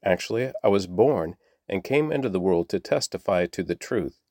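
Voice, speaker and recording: A man reading aloud the calm, measured answers of a dignified teacher. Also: deep voice, no room sound, studio quality.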